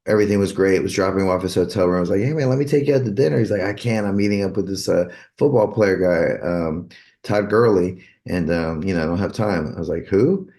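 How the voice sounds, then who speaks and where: A man's voice: deep voice, steady tone, fairly quick, darkish tone. A man, a musician's manager, telling a long anecdote in a casual interview and acting out the back-and-forth dialogue. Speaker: guitarist's manager.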